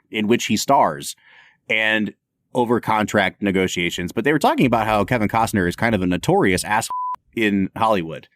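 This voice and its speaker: A man co-hosting a podcast in casual chat, animated and opinionated. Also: fairly low pitch, no echo. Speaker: podcast co-host.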